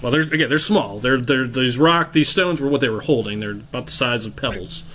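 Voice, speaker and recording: A man's voice: medium pitch, crowd noise. A man running a tabletop role-playing game, narrating scenes with frequent restarts and fillers. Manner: halting, many restarts and fillers. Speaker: game master.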